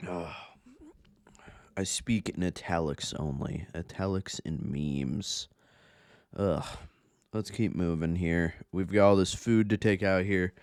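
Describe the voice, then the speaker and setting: A man's voice: low voice, takes it slowly, darkish tone, dry recording. A young man giving casual, rambling gameplay commentary from home, profane and self-mocking. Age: young adult. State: a bit out of breath. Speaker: gaming YouTuber.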